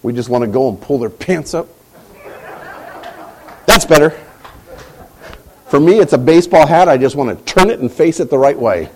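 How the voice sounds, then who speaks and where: Middle-aged male pastor, expressive sermon storyteller with a swooping, lively delivery. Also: a little high, moderate pace, long pauses, noisy background. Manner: animated storytelling, acting out quoted voices.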